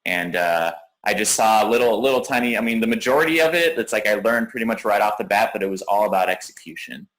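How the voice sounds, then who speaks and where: A man's voice: fairly low pitch, lively intonation, quick pace, fairly bright tone, poor audio. A man in his thirties, a coaching client, talking about his progress in a rambling way with many restarts. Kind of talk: casual interview.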